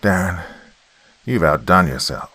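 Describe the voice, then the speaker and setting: A man voicing an easygoing male military lieutenant, in a very deep voice. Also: expressive, measured pace, pushed and bright, husky, no room sound, exaggerated voice. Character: friendly male military lieutenant, relaxed and generous.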